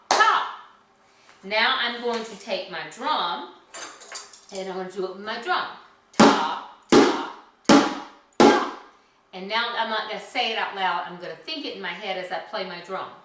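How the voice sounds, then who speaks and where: A woman teaching a children's music lesson, cheerful and patient, chanting rhythm syllables. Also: mid-range voice. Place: indoor room at home. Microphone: camera some distance away. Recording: very echoey room, mic far off, noisy.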